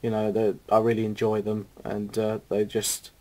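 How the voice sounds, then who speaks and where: A man's voice: lowish voice, completely flat delivery, normal speed, a little mellow. A middle-aged man, chatting casually in a video blog and answering questions with rambling enthusiasm. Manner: enthusiastic, rambling with restarts and fillers.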